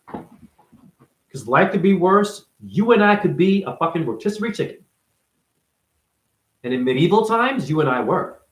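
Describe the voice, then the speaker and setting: Profane ranting man, lively swooping pitch. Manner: profane, confrontational, preachy; rhetorical questions fired at the listener. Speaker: self-styled spiritual teacher. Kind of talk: ranting monologue to camera. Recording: roomy echo.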